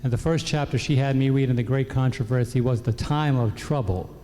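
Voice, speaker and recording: A man's voice: mid-range voice, brisk, slight background noise. A man sharing his personal testimony with a church audience, telling stories with joking asides. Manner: warm storytelling, joking asides. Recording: long hall reverb from a church PA.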